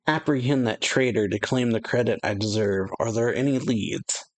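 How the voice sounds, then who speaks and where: A man's voice: medium pitch, moderate pace, dry recording, close to an everyday voice. A man reading the lines of a proud wounded young male noble from a manga, in a stiff, formal way. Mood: aloof.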